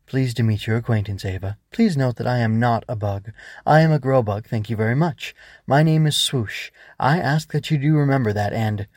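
A man's voice: medium pitch, normal speed, darkish tone, no echo, studio quality, lightly acted. A man voicing a small glowing magical bug in a children's story, prim, polite and insistent.

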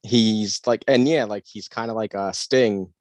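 A man's voice: on the low side, fairly even intonation, measured pace, darkish tone, no room sound. A man co-hosting a casual chat, talkative, laughing often, and filling his sentences with "like". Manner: chatty, laughs often, fills with "like". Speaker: podcast co-host.

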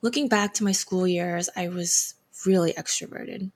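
A woman's voice: fairly low pitch, normal speed. A woman in her twenties hosting her own podcast, reading a reflective solo intro with a slightly hesitant delivery. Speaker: podcast host.

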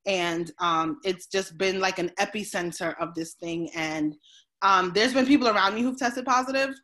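A woman's voice: mid-range voice, sharp tone. Woman guest, life coach, candid storyteller, video call, lots of "um"s. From New Jersey. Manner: open, storytelling, frequent "um" pauses. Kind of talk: casual video interview.

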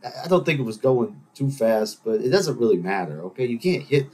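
A man's voice: medium pitch, sing-song, a little fast, a little mellow, a little hiss or hum. A man hosting his own podcast, talking alone in a rambling, self-mocking way and slipping into playful voices. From Greek heritage. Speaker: podcast host. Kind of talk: casual solo monologue.

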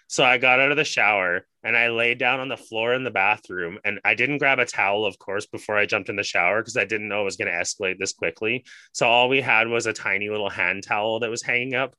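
A young man with a bright, forceful tone tells a story in loose podcast chat. He rambles, swears freely and leans on "like" constantly. The sound is close and dry, with no room around it. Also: fairly low pitch, fast talker, hardly any pauses, no echo. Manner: rambling, profane, heavy use of "like".

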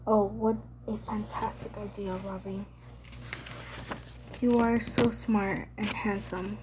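A woman voicing an anxious, stubborn teenage girl in an audiobook reading, quiet and strained. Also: medium pitch, level tone, slow, background noise, close to an everyday voice. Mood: sarcastic.

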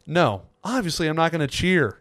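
A man's voice: fairly high pitch, normal speed, dry recording. A young man with a slightly raised voice co-hosts a casual podcast, telling stories with lots of acted-out quotes. The sound is dry and close. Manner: animated storyteller acting out quoted people. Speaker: podcast co-host. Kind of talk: casual chat.

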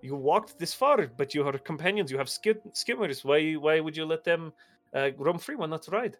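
A man's voice: a little high, expressive, normal speed, faint music behind, close to an everyday voice. A man voicing a curious male gith stranger who questions outsiders in a puzzled, formal way, in a tabletop game.

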